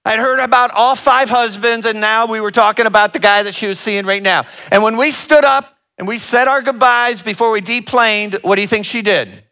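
High, bright-voiced man telling a story. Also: moderate pace, hardly any pauses. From Northern Ohio. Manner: animated storyteller with asides to the audience. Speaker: relationship educator. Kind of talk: storytelling talk.

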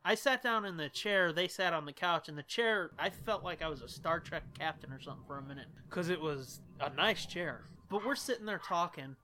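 A man's voice: a little high, animated, brisk, hardly any pauses, sharp tone. A man co-hosting a podcast, rambling through a story with lots of swearing and laughter. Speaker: podcast co-host. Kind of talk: casual storytelling chat.

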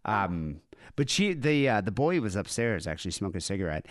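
A podcast co-host with a fairly low voice and big pitch swings casually reads out news stories at a brisk pace, adding wry asides and plenty of fillers. His laid-back delivery is captured in clean studio sound with no echo.

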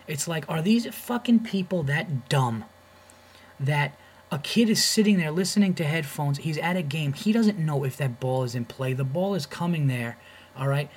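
A man's voice: a little high, expressive, normal speed, a little hiss or hum. A man hosting a podcast, ranting in a profane, heated way and repeating words as he gets worked up. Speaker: podcast host. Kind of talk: comedic podcast rant.

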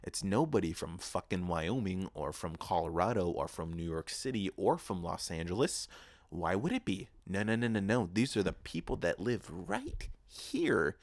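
A young man hosting his own podcast, telling a profane, animated story with mock-quoted asides. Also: low voice, normal speed, no room sound, studio quality. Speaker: podcast host. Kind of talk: casual solo podcast rant. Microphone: podcast microphone.

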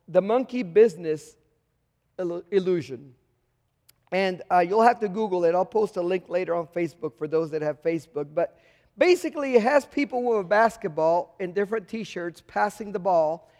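A man with a very high voice gives a conversational sermon, asking rhetorical questions and acting out the voices he quotes. His words ring out with a long reverb in a big church hall. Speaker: pastor.

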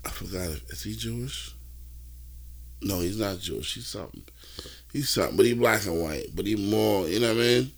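A man co-hosting a casual podcast chat, talking in slang, halting and repeating himself. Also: fairly low pitch, lively intonation. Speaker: podcast co-host.

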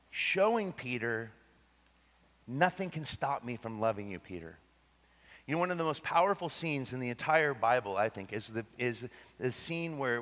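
A male pastor preaching a sermon, swinging between excited bursts and hushed, tender passages. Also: medium pitch, long reverb tail.

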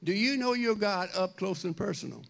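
A man preaching a sermon in a conversational, animated way, speaking directly to the congregation. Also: sits high, moderate pace, creaky. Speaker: pastor.

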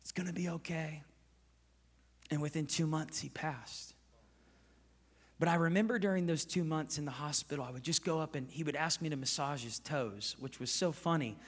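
A man in his thirties preaching as a guest pastor, telling a story with passion and swinging between loud and hushed. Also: on the high side, normal speed. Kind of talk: sermon. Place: large church auditorium. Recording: long reverb of a large hall.

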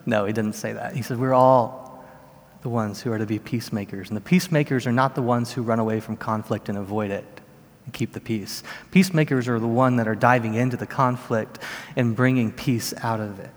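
A man in his thirties delivering a sermon as a pastor, in an earnest, measured storytelling manner. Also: medium pitch. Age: 30s. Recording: long reverb of a large hall.

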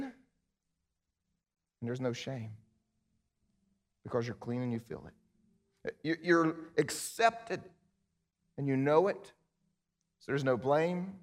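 A male pastor preaching a sermon in an animated way, acting out quoted voices, then leading a prayer. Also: medium pitch, a little slow, long pauses.

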